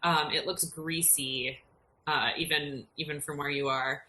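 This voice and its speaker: A woman runs a tabletop game as dungeon master, describing scenes slowly and with lots of ums. Her voice is lowish and bright. A faint hiss sits under the voice. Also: fairly even intonation. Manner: unhurried, descriptive, filler-heavy.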